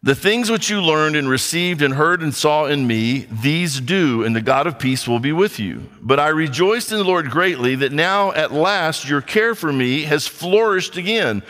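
A man's voice: fairly high pitch, lively intonation, normal speed, hardly any pauses, fairly bright tone, in a large hall. A male pastor preaching a conversational sermon, reading scripture and acting out little dialogues.

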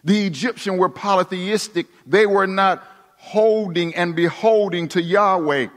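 A high-pitched male preacher delivers a dramatic sermon, sinking to near-whispers and climbing back to emphatic declarations. His voice rings out with a long reverb, as in a large hall. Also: unhurried, a bit bright.

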